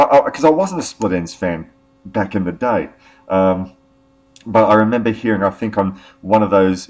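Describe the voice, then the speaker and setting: A man hosting a music podcast in casual, rambling chat. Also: deep voice. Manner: rambling, many fillers and restarts. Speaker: podcast host.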